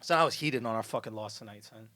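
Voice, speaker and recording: A man in his thirties hosting a podcast in casual comedic banter, loud and animated, mock-boastful and laughing often. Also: lowish voice, fast. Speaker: podcast host.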